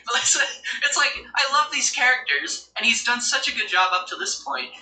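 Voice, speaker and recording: A man with an extremely high, expressive voice hosts a casual podcast chat, ranting with exasperated energy and bursting into laughs. He talks fairly quickly in a bright, forceful tone, recorded on a distant mic in an echoey room with music behind him.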